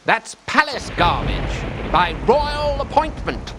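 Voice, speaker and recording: A cynical palace guard in a game who talks in a slow, dry drawl. His voice sits high and swoops around a lot. There is a steady hiss under the recording. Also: exaggerated voice. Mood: deadpan.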